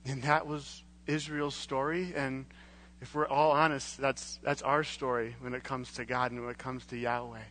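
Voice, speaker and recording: A young man preaching a casual, conversational sermon in church, chatty and relaxed with frequent fillers. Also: mid-range voice, moderate pace.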